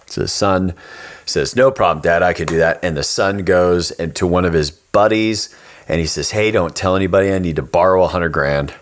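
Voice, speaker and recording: A man with a notably low, deep voice hosts a podcast in a relaxed, conversational way. He tells stories with energy, slipping into voices for the characters, then turns earnest as he offers advice. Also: normal speed. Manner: animated storyteller, acts out the characters. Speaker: podcast host. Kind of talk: casual storytelling chat.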